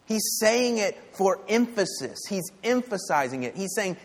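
A man's voice: sits high, sing-song, unhurried, hardly any pauses, in a large hall. A man preaching a sermon in a church, with a conversational, emphatic delivery and frequent rhetorical questions to the congregation. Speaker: pastor. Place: church sanctuary.

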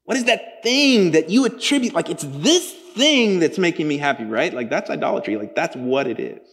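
Male pastor, casual sermon delivery with lively pitch swings, echoing hall sound. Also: moderate pace. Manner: conversational preaching with big pitch swings, acts out quoted voices. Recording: long hall reverb.

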